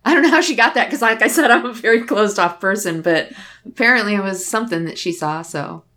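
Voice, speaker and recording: A woman's voice: medium pitch, animated, fast, pushed and bright. Woman chatting, telling a story from her life, candid and thoughtful, does the voices of people in it. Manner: candid, reflective, acts out dialogue in her stories. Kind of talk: casual conversation, personal storytelling.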